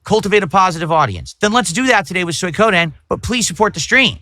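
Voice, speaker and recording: A man on a livestream lectures his chat in an indignant, repetitive rant. His voice sits a little high and has a bright, tense edge, and the sound is dry. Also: big pitch swings, quick pace, dry recording, soft background music. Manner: indignant, lecturing, repeating himself. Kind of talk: ranting livestream talk.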